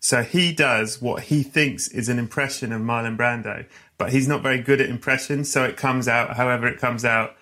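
A male podcast host chatting over a video call, telling animated stories with chuckles. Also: medium pitch, moderate pace, few pauses. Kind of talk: casual interview chat.

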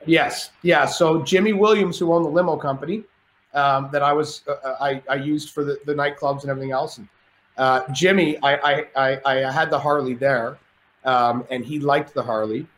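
A man's voice: a little high, steady tone, normal speed, a bit bright. A man telling stories as a podcast guest in a casual, rambling way, restarting his sentences often. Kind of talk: casual storytelling. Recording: roomy with faint noise.

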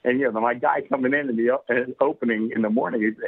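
A man's voice: mid-range voice, fairly even intonation, quick pace. A man telling a long rambling story in casual chat, laughing often and filling with "you know". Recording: tinny phone-like radio line.

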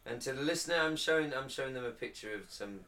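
A man's voice: medium pitch, fast talker, pushed and bright. A man co-hosting a casual podcast, reading notes aloud, laughing often and stumbling over foreign words. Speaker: podcast co-host.

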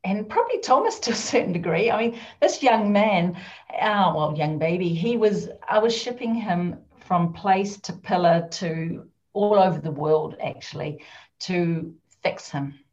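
A woman's voice: fairly low pitch, animated, a little slow. A middle-aged woman with a New Zealand accent, a podcast guest telling her personal story in a chatty way. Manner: warm, chatty storytelling with fillers. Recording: dull lo-fi sound.

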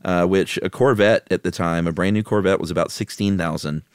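A man's voice: sits low, brisk, clear, resonant tone, no echo, clean studio sound. A man co-hosting a podcast, chatting casually and laying out facts with uh fillers. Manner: relaxed, laughs often, lists facts with uh fillers. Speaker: podcast co-host. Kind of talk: casual chat.

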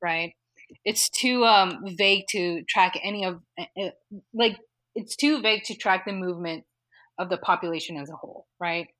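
A woman's voice: on the low side, normal speed, fairly bright tone. A woman from California talking casually as a podcast guest, with frequent fillers and easy laughs. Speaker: data modeling guest.

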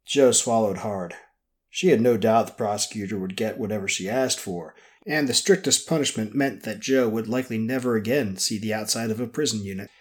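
Man reading an audiobook steadily. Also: on the low side. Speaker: narrator. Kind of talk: scripted audiobook narration.

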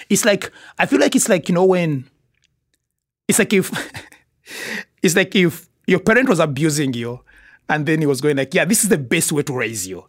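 A man from Africa, a comedy writer, chatting excitedly on a podcast with quick restarts and laughs. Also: fairly high pitch, slightly rough, dry recording, studio quality. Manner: excitable, stammering restarts, laughs while talking. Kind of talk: animated podcast chat.

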